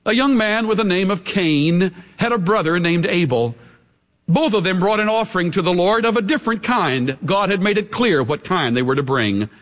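A man preaching a sermon to a congregation, swinging between emphatic highs and hushed, low asides. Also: expressive, moderate pace. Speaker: pastor. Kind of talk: radio broadcast sermon. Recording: long hall reverb from a live sermon.

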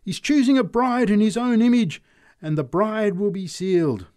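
A man voicing a fervent woman street preacher who cries out high and loud. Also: moderate pace, dry recording, studio quality, natural voice. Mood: ecstatic. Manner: high, loud, ecstatic crying out.

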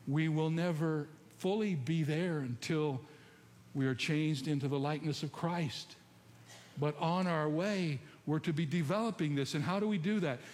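A man's voice: fairly high pitch, a little mellow. A man preaching a sermon and telling stories, often putting questions to his congregation. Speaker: pastor. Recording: long hall reverb, faint ambience.

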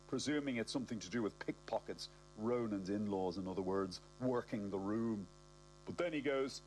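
A man's voice: fairly low pitch, moderate pace, a little mellow, a little hiss or hum, low-quality recording. A man with a South Dublin accent narrating a comic audiobook, cocky and self-mocking.

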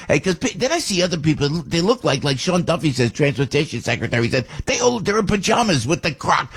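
A man's voice: a little high, big pitch swings, fairly quick, hardly any pauses, slightly rough. An older man, host of a talk show, telling a rambling story in casual chat with many restarts and asides.

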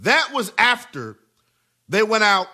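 Animated, high-voiced sports radio host. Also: male voice, slow pace. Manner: emphatic, repetitive, animated delivery. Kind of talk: sports talk radio monologue.

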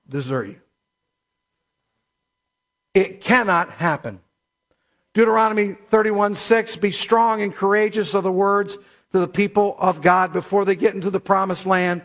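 A pastor delivers a sermon in a notably high voice. He preaches emphatically and slows down to stress the scripture he quotes. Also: fairly bright tone. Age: middle-aged or older.

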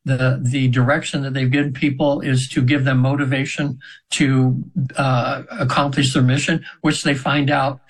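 On poor audio, a mid-range male voice speaks at normal speed with a flat delivery. He is a radio show guest in his seventies, rambling through a long personal story full of fillers and restarts in a casual storytelling interview.

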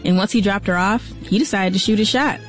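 A woman radio reporter narrating a feature story in a measured, even way. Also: medium pitch, faint music behind. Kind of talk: scripted narration.

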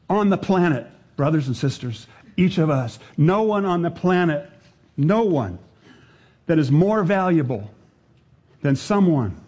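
An older man preaching a sermon, speaking deliberately, repeating his phrases and sinking to a hushed voice to drive a point home. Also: on the high side, breathy edge.

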